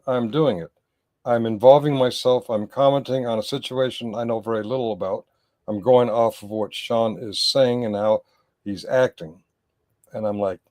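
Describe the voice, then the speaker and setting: A man's voice: mid-range voice, a little mellow. A man commenting on a livestream in a casual, rambling way, often stopping to correct himself and address his chat.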